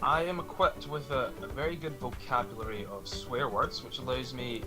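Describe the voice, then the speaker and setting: A man giving a halting, mock-formal job pitch in a party game. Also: fairly even intonation. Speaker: player. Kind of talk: casual game chat. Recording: music behind the voice. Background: music.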